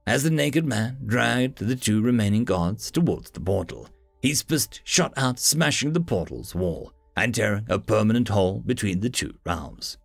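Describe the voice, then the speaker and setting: Guy narrating a sci-fi fantasy tale, gravelly, lively, dry mic, faint music behind. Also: fairly low pitch, moderate pace, dry recording. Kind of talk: storytelling narration.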